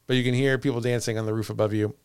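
A man's voice: medium pitch, level tone, racing, darkish tone, clean tone, no room sound. A man hosting a podcast, telling a ghost story in casual chat and laughing often. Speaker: podcast host.

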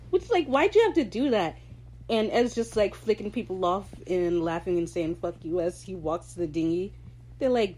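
A woman chats through an episode recap with a low, mellow voice. She jokes, swears freely and drops slangy asides as she goes. A faint hum sits behind her. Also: lively intonation, moderate pace. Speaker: podcast host recapping a TV episode.

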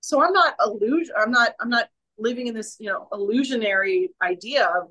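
Passionate bright-voiced woman. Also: fairly high pitch, expressive, normal speed, poor audio. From Canada. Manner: emphatic and passionate, restarts often. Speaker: guest. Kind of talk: casual interview chat.

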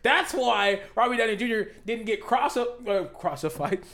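A young man co-hosting a casual podcast, animated and emphatic, repeating himself and swearing as he argues. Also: sits high, normal speed. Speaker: podcast co-host. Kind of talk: casual debate chat.

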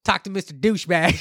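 A man's voice: fairly high pitch, no room sound, studio quality. A man telling a story in casual chat, swearing freely and acting out quotes. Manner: animated, profane, acts out quotes.

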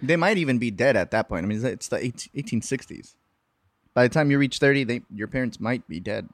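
A man's voice: mid-range voice, lively intonation, a little fast, no echo. A man chatting casually and cracking jokes while drinking a beer. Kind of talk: casual chat.

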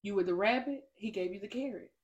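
A woman co-hosting a casual faith podcast, telling her story with lively acted-out quotes. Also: medium pitch, quick pace, muffled recording. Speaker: podcast co-host.

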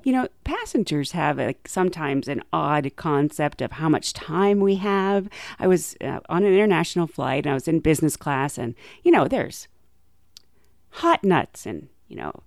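A woman's voice: sing-song, normal speed, creaky, no room sound. Young flight attendant woman rambling, laughs a lot, bouncy voice, dry mic. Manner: chatty, laughing, acts out quotes in a higher voice. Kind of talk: casual storytelling monologue.

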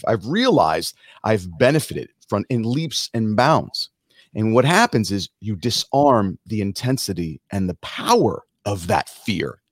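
A middle-aged man, a musician guest on a podcast, giving an animated motivational talk and acting out quotes in other voices. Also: mid-range voice, no echo, clean studio sound.

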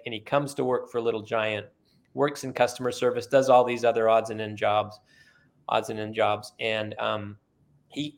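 A middle-aged man telling a story in conversation as a guest, acting out the quoted dialogue in earnest. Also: mid-range voice. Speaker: podcast guest.

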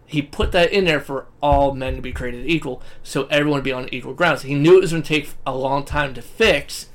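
A man's voice: medium pitch, brisk. A man co-hosting a podcast in casual chat, rambling and swearing freely. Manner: rambling and profane. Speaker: podcast co-host.

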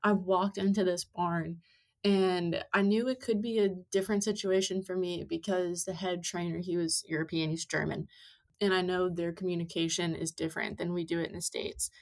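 Low-voiced young woman telling stories. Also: fairly even intonation, normal speed. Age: 20s. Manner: chatty storytelling with many fillers. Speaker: podcast guest, amateur rider. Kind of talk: casual interview chat.

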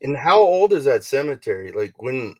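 A male podcast host in casual conversation, his voice sitting at an ordinary middle pitch. He talks haltingly, with frequent fillers and restarts. The sound is dry and close, with no room echo. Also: big pitch swings, darkish tone. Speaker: podcast host, paranormal investigator. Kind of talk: casual chat.

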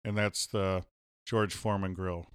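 Smooth-voiced man joking on a podcast. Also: sits low, unhurried, no room sound, studio quality. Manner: relaxed, jokey, slips into silly voices. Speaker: podcast co-host. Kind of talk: casual chat.

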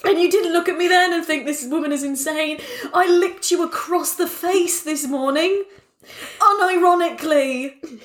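A woman's voice: extremely high pitch, moderate pace, roomy sound. A woman in her twenties co-hosting a comedy live stream, laughing through tears and swearing as she chats. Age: 20s. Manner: giggly, emotional, sweary. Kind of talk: casual improvised chat.

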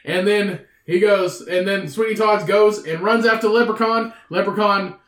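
A man's voice: sits high, moderate pace, fairly bright tone, reverberant. A man co-hosting a podcast who riffs on a story with jokes and lots of swearing in casual chat. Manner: joking, riffing, profane. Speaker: podcast co-host.

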